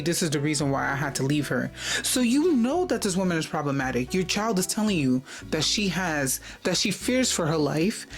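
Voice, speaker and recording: A woman hosting a reaction video, commenting with indignation and rhetorical questions. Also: fairly low pitch.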